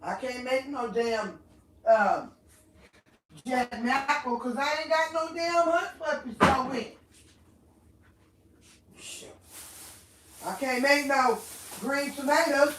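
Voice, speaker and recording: A woman's voice: sits high, fairly bright tone, distant mic. A woman vlogger venting angrily at home, cursing and repeating herself as she complains. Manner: profane, repetitive ranting in Southern African American vernacular. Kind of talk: angry venting monologue. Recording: echoey room, voice somewhat off-mic, faint noise.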